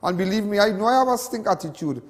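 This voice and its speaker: A high-voiced Trinidadian man hosts a TV show in an impassioned monologue. He rambles and repeats himself, dropping local slang as he gets worked up. A long reverb trails behind his voice. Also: expressive, quick pace. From Trinidad and Tobago. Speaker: TV show host.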